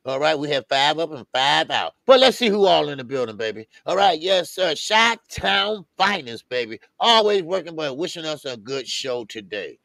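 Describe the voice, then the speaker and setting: A man co-hosts a live boxing talk stream, chatting casually and greeting chat viewers one at a time with lively, drawn-out shout-outs. His voice is fairly high with vocal fry, and the recording is dry.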